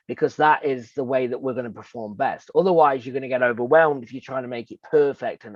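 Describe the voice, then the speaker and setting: A man's voice: mid-range voice, fairly quick, no room sound, highs cut off. A man co-hosting a coaching talk, explaining earnestly with examples and rhetorical questions. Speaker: real estate coach and co-host.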